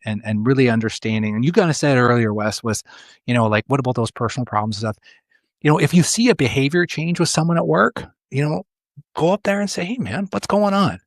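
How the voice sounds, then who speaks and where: A man's voice: medium pitch, no room sound, clean studio sound. A middle-aged man, an executive coach, talking in a conversational interview and telling a personal story with many repeated words.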